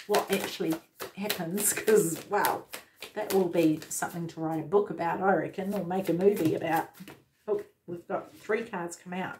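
Speaking straight to her viewer over a noisy background, this tarot reader delivers an enthusiastic, gushing reading in a voice that sits on the low side. The tone is casual throughout.

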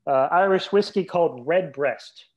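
A man's voice: on the high side, moderate pace, a little mellow. A man who is a guest on a podcast, telling dry, self-deprecating anecdotes in a casual chat. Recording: dull lo-fi mic.

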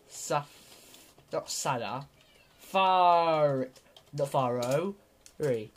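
A man commentating on his own gameplay, rambling and self-mocking, swinging from mumbles to loud outbursts. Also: fairly high pitch, expressive, slow, long pauses. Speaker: gaming vlogger. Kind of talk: let's-play commentary.

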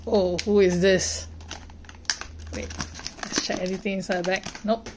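A woman hosting a toy unboxing, gently narrating and reacting with delight to each figure as she unwraps it. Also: mid-range voice, fairly even intonation, unhurried, noisy background. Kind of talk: unboxing narration, soft ASMR-like. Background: plastic crinkling and clicks from handling toys.

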